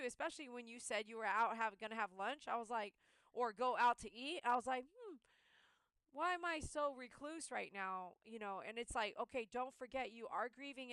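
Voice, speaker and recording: A woman's voice: a little high, a bit bright, clear, resonant tone, dry recording. A woman who runs a pet-grooming channel, talking in a casual, heartfelt monologue and telling stories by replaying her own inner voice.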